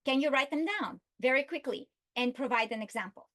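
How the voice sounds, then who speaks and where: A woman giving an instructional video lesson, speaking slowly and deliberately and stretching out her example words. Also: high voice, animated, a bit bright. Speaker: literacy instructor.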